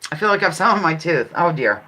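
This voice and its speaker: A woman with a low voice talks fast and very animatedly, her tone sharp, with a little hiss or hum in the background. Hosting a casual live-stream game, she chats, reads viewers' answers aloud and giggles often.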